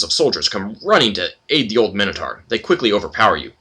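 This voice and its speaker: A man hosting a let's play, chatting casually and reading out game text with plenty of fillers. His voice sits low but moves around in a lively way. It has a bright, husky texture. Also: a little fast, hardly any pauses.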